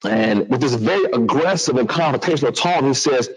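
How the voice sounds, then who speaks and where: Brief: man, storyteller at a talk, animated, acts out voices. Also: medium pitch, fairly quick, poor audio. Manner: animated, acts out other voices, restarts a lot. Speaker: public speaker telling a personal story.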